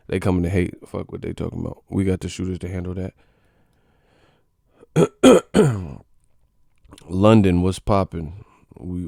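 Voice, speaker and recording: Gravelly, slangy livestream host. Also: male voice, sits low, no echo, clean studio sound. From California. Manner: slangy, profane, rambling, shouts out viewers. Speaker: boxing channel host. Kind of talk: casual livestream chat.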